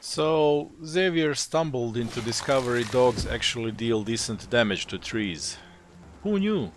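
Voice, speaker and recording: A man's voice: medium pitch, lively intonation, measured pace, noisy background. A man narrating the story of a game session, adding dry, teasing asides about the player.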